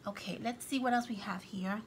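A woman casually showing off her thrift-shop finds on camera, gushing with excitement over each one. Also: mid-range voice, brisk, slight background noise. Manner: gushing, excitable, frequent gasps and exclamations. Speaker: craft vlogger. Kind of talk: casual show-and-tell vlog.

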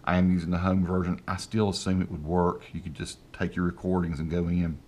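A man's voice: sits low, flat delivery, a little mellow. A man with a Southern accent hosting a casual tech tutorial at his home desk, speaking into a handheld mic held close, folksy and rambling. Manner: folksy and rambling, dictates slowly and deliberately. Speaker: tech video host. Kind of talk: casual screen-recorded tutorial. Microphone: handheld microphone held close.

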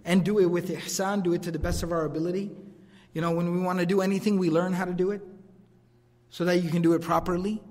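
A man giving a religious lecture, quick and animated, mixing recited scripture with casual asides. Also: high-pitched. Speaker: preacher teaching a lecture series. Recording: long hall reverb.

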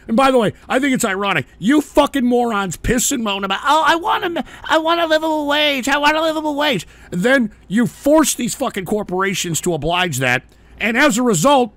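A man hosting a live radio-style show, ranting profanely at chat commenters and shouting in mocking outbursts. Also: sits high, no echo.

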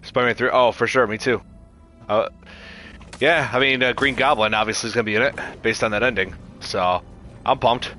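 A man's voice: medium pitch, steady tone, a little fast, bright, forceful tone, faint music behind. A man casually chatting with his viewers while livestreaming a video game, reacting as he plays. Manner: chatty, reacts to chat, frequent restarts. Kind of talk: casual gameplay livestream chat.

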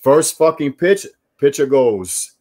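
A man from New York, a former baseball player, telling animated, profane stories in casual chat. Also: fairly high pitch, takes it slowly. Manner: animated, profane, storytelling with quoted voices.

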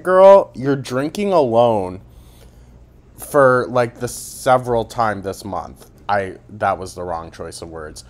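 A man talking at an unhurried, drawn-out pace with a slightly low voice. He delivers a commentary vlog full of sarcasm and mocking jabs, swearing freely as he picks apart someone's posts. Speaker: commentary YouTuber.

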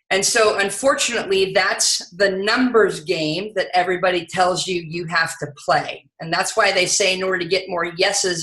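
A woman giving an energetic, conversational sales training talk, often saying "you know". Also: mid-range voice, reverberant, poor audio.

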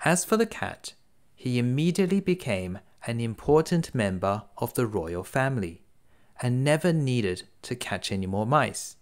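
Male storyteller for a kids' bedtime audio, mid-pitched, lively up-and-down reading. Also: normal speed. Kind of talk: reading a bedtime fairy tale aloud.

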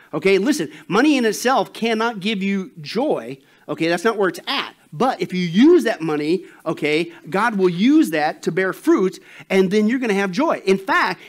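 A man preaching a sermon as pastor, animated and emphatic, telling a joke story. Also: high-pitched.

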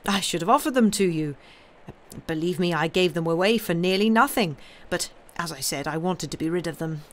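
A woman's voice: lowish voice, brisk, close to an everyday voice. A woman reading aloud, voicing a flustered middle-aged male banker who stammers and placates. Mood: ingratiating.

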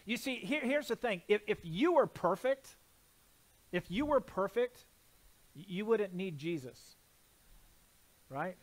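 A man delivers a sermon from the pulpit. His voice sits high and carries emphasis. He repeats key phrases and keeps turning questions back to the congregation. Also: expressive, takes it slowly, long pauses. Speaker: pastor. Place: church sanctuary.

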